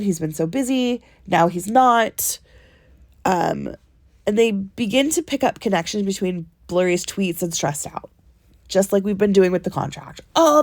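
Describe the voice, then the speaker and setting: A woman's voice: medium pitch, a little mellow, dry recording, clean studio sound. A woman with a stuffy nose from a cold, co-hosting a casual podcast and walking through a timeline step by step, checking in often with "okay?" and "right?", recorded on a phone in a ship cabin. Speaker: podcast co-host.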